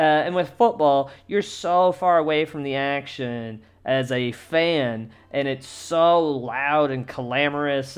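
A man's voice: a little high, clean tone. A man who is a stand-up comic hosts a casual comedy podcast, rambling with many fillers and restarts, and swearing freely. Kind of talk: casual monologue.

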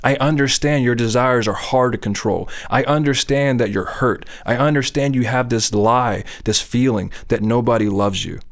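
A middle-aged man talks about faith in an earnest, easygoing way. His voice sits at an ordinary middle pitch, and he often stops to ask whether his listener is following. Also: moderate pace, few pauses. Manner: earnest, conversational, often asks "you know what I'm saying?". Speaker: speaker on faith. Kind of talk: casual faith talk.

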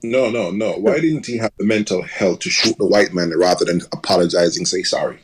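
Deep-voiced man asking wry questions. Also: fairly quick, breathy edge. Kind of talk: casual discussion.

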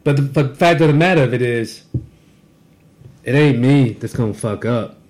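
A man's voice: mid-range voice, moderate pace, a little mellow. Profane man ranting on a podcast. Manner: profane, rambling storytelling with repeated restarts. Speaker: podcast co-host. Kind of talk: casual podcast rant.

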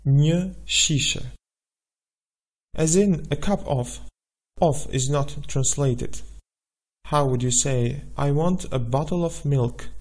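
A man teaching a language lesson, patiently repeating words and phrases slowly for the listener. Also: fairly high pitch, a little mellow. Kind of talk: slow, deliberate language lesson.

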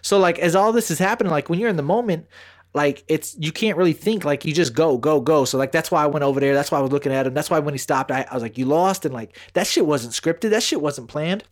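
A young man telling a story in casual podcast chat, animated and profane, acting out both sides of the scene. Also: a little high, fast, dry recording.

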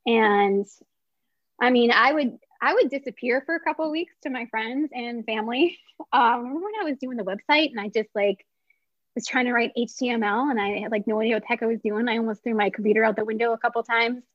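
A woman who founded a small business tells her story in a casual interview, chatty and excitable, full of filler words. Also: a little high, fairly quick, dry recording, lo-fi sound.

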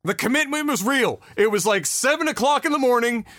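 A man's voice: very high voice, animated, brisk, a bit bright, no echo, clean studio sound. A man co-hosting a podcast, ranting in casual chat with plenty of swearing and mocking impressions. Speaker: podcast co-host.

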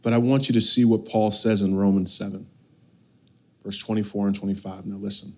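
A man preaching a sermon as pastor, animated, swinging from loud bursts to hushed lines. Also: fairly low pitch, a little fast.

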